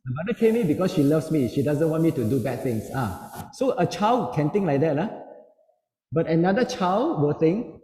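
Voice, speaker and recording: Brief: middle-aged male speaker, darkish mellow tone, a bit higher-pitched, lively storyteller who acts out quotes, heard in a reverberant hall. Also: normal speed. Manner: storytelling, acting out quoted voices. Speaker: seminar speaker. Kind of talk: parenting seminar talk. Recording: echoey hall with long reverb.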